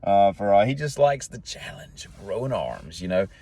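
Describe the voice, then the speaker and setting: A man with a fairly low, mellow voice and lively intonation talks at a normal pace. He hosts a solo talk show as a podcast host, wandering in a folksy, jokey way from one tangent to the next.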